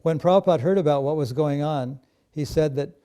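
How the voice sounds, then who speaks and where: A man telling a personal story in a measured, steady way, with occasional fillers. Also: fairly high pitch. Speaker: devotee recalling memories. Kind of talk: personal reminiscence.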